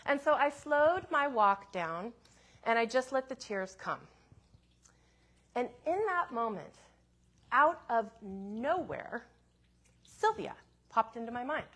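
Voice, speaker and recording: A woman minister telling a personal story in a sermon, in a gentle, reflective way with soft asides. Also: fairly high pitch, lively intonation, slow pace, pauses often.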